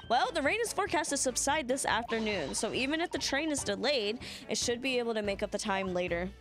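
Eccentric showy detective, read by a woman, breezy, higher voice, faint music. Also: lively intonation, a little fast, close to an everyday voice. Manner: reading game dialogue aloud.

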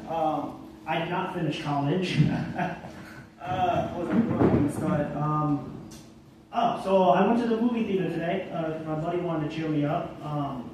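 A young man doing stand-up at an open mic, halting and self-deprecating with lots of ums. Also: fairly high pitch, a little mellow. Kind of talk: stand-up comedy. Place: bar stage at open mic night. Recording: echoey room, far from mic, faint noise.

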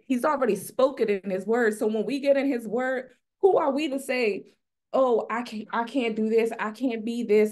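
A woman on a faith panel, speaking earnestly and building her point through repeated rhetorical questions. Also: a little high. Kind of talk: faith-based panel talk. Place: event stage.

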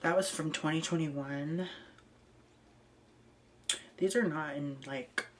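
A woman's voice: low voice, slow pace. A woman vlogging casually, reading out messages with dry, amused asides and frequent ums.

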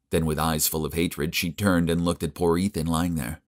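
Male narrator for an animated first-person drama, very low and conversational. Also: normal speed, hardly any pauses.

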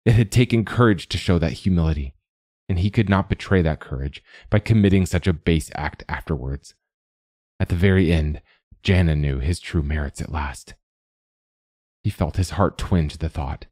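A man narrating a literary short story as host, in a measured, even storytelling manner. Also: low-pitched, dry recording, studio quality. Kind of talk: scripted fiction narration.

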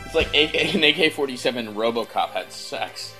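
A man's voice: medium pitch, expressive, brisk. A man giving sarcastic, joking commentary over an old game. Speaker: let's play commentator. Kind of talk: comedic riffing commentary. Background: game music.

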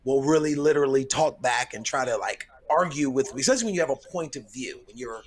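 A middle-aged male comedian guests on a podcast, telling stories thoughtfully in casual chat and repeating words as he gathers his thoughts. His mid-range voice moves quickly with lively intonation, and crowd noise can be heard.

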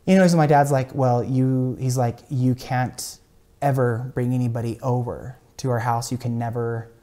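A young man and podcast guest telling a story in a casual, animated way, with plenty of fillers and restarts. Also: mid-range voice, normal speed.

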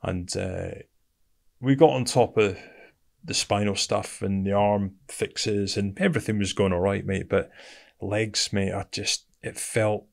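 A middle-aged man with a British accent speaks in a low, gravelly voice. He tells his story bluntly and casually, like a chat with a friend, and keeps calling the listener "mate". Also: fairly even intonation, measured pace. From Britain. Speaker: guest, military veteran.

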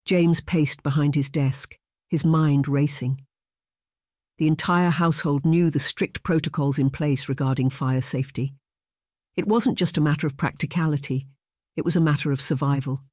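An audiobook narrator reading a romance novel in a measured, even storytelling voice. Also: mid-range voice, no room sound, clean studio sound.

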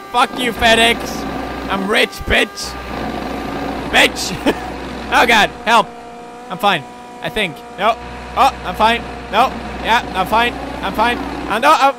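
A young man in his twenties giving loud, goofy, swearing commentary while he plays a game. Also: sits high, creaky, noisy background. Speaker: gaming video host. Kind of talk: gameplay commentary. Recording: game music in the background.

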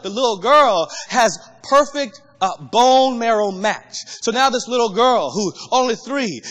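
A man preaching a sermon as pastor, impassioned and rising to shouts. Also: extremely high pitch, long reverb tail.

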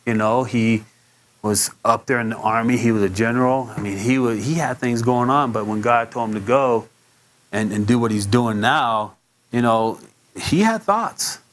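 A man preaching in an easy, conversational way, his voice at an ordinary middle pitch. He tells stories, stumbles and repeats himself now and then, and his voice leaps far higher when he acts out what people said. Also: normal speed. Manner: leaps much higher when acting out quotes. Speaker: pastor. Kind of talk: sermon.

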